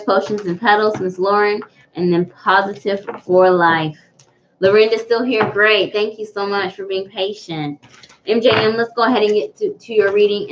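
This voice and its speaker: A woman's voice: mid-range voice, fairly bright tone. A woman hosting a live tarot reading, speaking earnestly to viewers and often repeating herself. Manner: earnest, repetitive, greets viewers by name. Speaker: tarot reader hosting a livestream. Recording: dull lo-fi livestream audio with faint noise.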